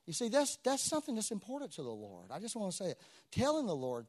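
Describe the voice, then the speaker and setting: A man preaching a sermon, telling stories with lively swings between loud exclamations and quiet asides. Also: high-pitched, fast.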